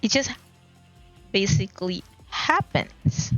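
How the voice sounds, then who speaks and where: A woman chats casually on a livestream, rambling as she searches for the right words to explain herself. Her voice sits at an ordinary middle pitch. The stream audio is dull and lo-fi, with soft music playing behind her. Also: expressive, takes it slowly. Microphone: desk mic at a laptop.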